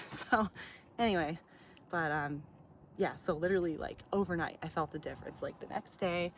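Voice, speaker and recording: A woman's voice: lowish voice, moderate pace, a little hiss or hum. A woman vlogger telling a personal story outdoors in a chatty way, full of fillers, frequent laughs and swearing.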